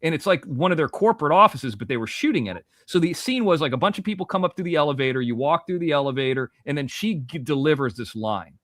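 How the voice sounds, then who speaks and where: Man in his 40s from Florida, a guest spinning a long yarn with a raised pitch and lively swings, swearing freely in a dry, close recording. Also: fast talker, few pauses, dry recording. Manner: animated, profane, lots of restarts and asides. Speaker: guest storyteller. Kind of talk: casual podcast storytelling.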